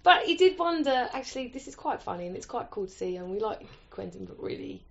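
Gravelly-voiced woman in casual chat. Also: a little high, very animated, quick pace. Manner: chatty, eager agreement. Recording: muffled lo-fi recording.

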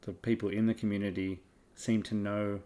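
A man's voice: on the low side, level tone, moderate pace, dark tone. A man co-hosting a casual podcast chat, chatty and stammering at times. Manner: chatty, stammers, acts out quotes. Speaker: podcast co-host.

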